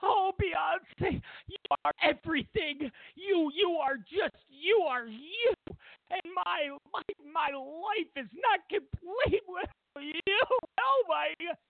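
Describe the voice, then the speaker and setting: A man voicing a gushing, self-abasing young British woman who fawns over a star, in a high breathy swoon. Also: expressive, takes it slowly, no echo, full character voice. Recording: tinny phone-like sound.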